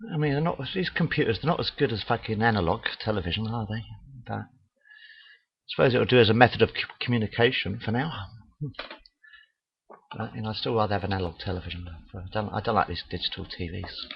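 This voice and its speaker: A man's voice: lowish voice, fast, creaky, breathy edge. A man telling crude jokes in a rambling, casual monologue into a webcam, full of "uh" fillers. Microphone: webcam mic. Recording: dull lo-fi webcam audio.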